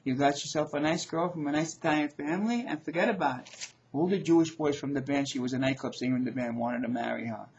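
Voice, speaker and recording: A middle-aged man hosting his own show, ranting in a loud, profane, repetitive way. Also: fairly high pitch, fast, highs cut off, slight background noise. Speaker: show host. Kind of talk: ranting video commentary.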